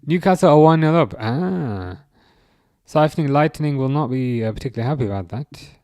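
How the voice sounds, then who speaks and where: A man's voice: medium pitch, lively intonation, a little fast, darkish tone, no room sound, studio quality. A man hosting a football livestream, chatting casually, chuckling wryly and answering comments from chat. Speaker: livestream host.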